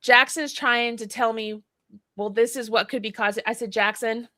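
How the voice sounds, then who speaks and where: Woman host, fifties, high voice, lively storyteller who swears. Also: moderate pace, no echo, studio quality. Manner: animated storyteller, acts out dialogue, swears freely. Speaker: podcast host. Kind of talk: casual chat.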